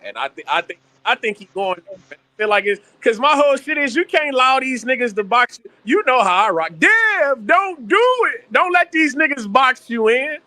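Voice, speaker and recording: A man with a strikingly high, bright, ringing voice rants in heated panel talk, swearing constantly and hammering every point with emphasis. His voice sits close and dry on the mic. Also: big pitch swings, moderate pace, hardly any pauses, dry recording. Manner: profane, ranting, emphatic.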